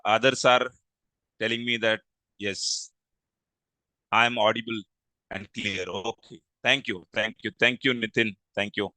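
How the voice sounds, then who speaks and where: Bright-voiced man hosting an online class. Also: medium pitch, no echo, low-quality recording. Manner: polite, halting, thanks many attendees. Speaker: webinar host and training manager. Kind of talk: live online class introduction. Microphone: video call microphone.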